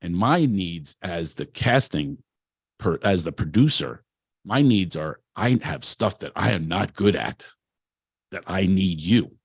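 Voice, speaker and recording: A man's voice: low voice, lively intonation, measured pace, gravelly, slightly rough, no echo, studio quality. A man who works as a producer gives a candid, self-deprecating motivational talk, telling personal stories loosely with frequent restarts. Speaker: producer and speaker at a talent event.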